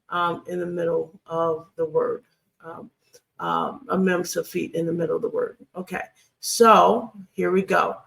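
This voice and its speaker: A Hebrew grammar instructor teaching a screen-share lesson, deliberate and repeating key phrases with frequent ums. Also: medium pitch, animated, vocal fry, fairly bright tone.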